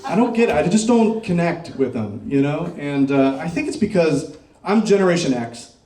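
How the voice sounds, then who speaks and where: A middle-aged man performing a stand-up comedy set, doing crowd work and dropping deadpan dark punchlines on a club stage. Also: fairly high pitch, normal speed. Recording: roomy club sound, mic picked up from a distance.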